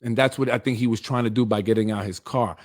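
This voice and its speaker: A man's voice: fairly low pitch, steady tone, fast. A middle-aged man hosting a political show, delivering a blunt, confrontational, streetwise monologue. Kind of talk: heated monologue.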